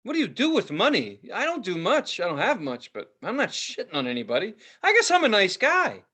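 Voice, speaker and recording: A man on a casual podcast, talking in a high voice that swings wildly up and down. He rants in an animated, profane way, with lots of cursing and exaggerated outbursts. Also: fairly quick. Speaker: podcast co-host. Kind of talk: casual chat.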